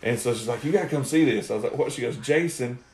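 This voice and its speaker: A man's voice: mid-range voice, fast talker, a little mellow, faint music behind. Guy spinning cussing-heavy stories, laughs a lot, roomy echo around him. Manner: profane, rambling storytelling with lots of laughter. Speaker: guest storyteller. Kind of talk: casual podcast chat.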